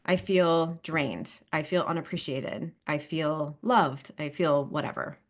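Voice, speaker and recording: A woman's voice: low voice, slow pace. A woman couples therapist in a podcast interview, talking in a chatty way with frequent laughs and asides like "right?" and "you know".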